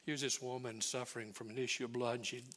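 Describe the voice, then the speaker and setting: A male pastor preaching a sermon, telling the story with lively swings and dropping to near-whispers. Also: medium pitch, quick pace. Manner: animated storyteller who drops to near-whispers.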